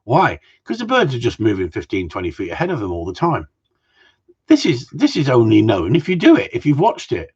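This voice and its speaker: Husky middle-aged man, outspoken gundog trainer on a lo-fi live stream, rambling and profane. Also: medium pitch, wildly swooping pitch, fairly quick. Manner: blunt, swears freely, rambling and opinionated. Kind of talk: casual live-stream rant. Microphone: live-stream mic.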